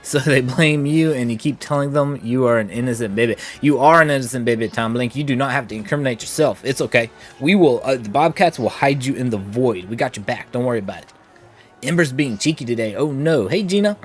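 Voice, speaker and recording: Hosting a casual gaming livestream, a man with a husky, animated mid-range voice talks a little fast, chatting with viewers, reading chat aloud, and adding playful asides. He's slightly short of breath from allergies, with faint music in the background.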